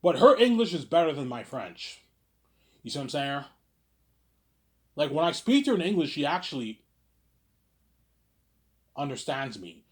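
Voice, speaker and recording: Reading viewer questions on a casual livestream, a Quebec man rambles repetitively, keeps restarting with stammers, and says "obviously" over and over. He speaks at a moderate pace with frequent pauses, in a high-ish, very animated voice.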